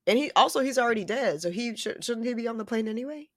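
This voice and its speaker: A woman co-hosting a casual podcast chat, joking and blunt, swearing and thinking out loud. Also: fairly high pitch, animated, fast, dry recording, studio quality. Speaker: podcast co-host.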